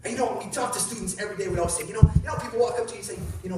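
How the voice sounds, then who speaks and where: A man from Canada giving an energetic motivational talk to a live audience, telling his story and often turning to the crowd with questions. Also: sits high, rapid-fire, over loud music. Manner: energetic, animated, keeps addressing the audience. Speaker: motivational speaker. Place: large hall with an audience. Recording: very echoey hall, voice from far off.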